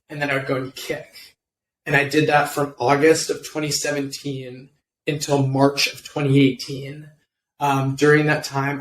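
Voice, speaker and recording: A young man, a guest in an interview, casually telling a personal story in a laid-back, slangy way full of fillers. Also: mid-range voice. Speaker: interview guest, former football kicker. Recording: roomy with faint background noise.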